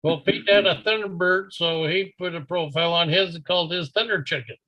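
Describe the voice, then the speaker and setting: An older man on a video call, telling an old hobby story in a relaxed, unhurried way. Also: high voice, dull audio. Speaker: video hangout participant. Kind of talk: casual anecdote telling.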